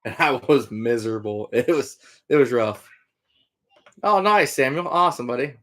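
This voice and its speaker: A middle-aged Iowa trapper and hunter chats through viewer comments on his casual livestream, rambling and relaxed with many fillers. His mid-range voice is a bit bright, with lively intonation and normal speed.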